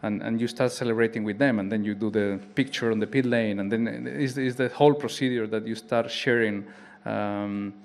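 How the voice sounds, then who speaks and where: A man's voice: lowish voice, steady tone, creaky. A man from Spain, a racing driver who speaks English with a Spanish accent, answering reflectively at a press conference, often restarting his phrases. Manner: halting, reflective, with frequent restarts.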